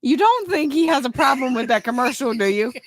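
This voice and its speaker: A woman's voice: high-pitched, expressive, a little fast, no echo. A woman co-hosting a talk show, chiming in with dry, teasing remarks. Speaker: podcast co-host. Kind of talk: casual chat.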